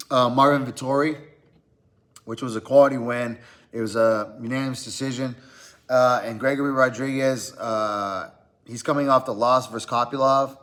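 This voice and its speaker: A man's voice: mid-range voice, fairly bright tone. A man hosting a podcast, giving casual fight picks in a loose, conversational way with lots of fillers. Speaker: podcast host. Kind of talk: casual fight-pick chat. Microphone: podcast mic.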